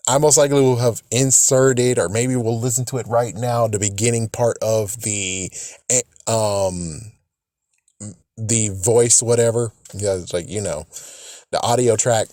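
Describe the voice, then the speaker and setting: A man's voice: mid-range voice, mellow, dry recording, studio quality. Rambling male video host. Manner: rambling, self-correcting. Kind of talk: casual commentary.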